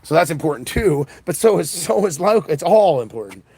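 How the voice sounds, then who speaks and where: Tired, fast-talking gravelly man. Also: a little high, sing-song, darkish tone, no room sound. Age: around 40. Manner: fast, scattered, many restarts and fillers. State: exhausted. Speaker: independent political livestreamer. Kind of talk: rambling casual monologue. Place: outdoor punk festival.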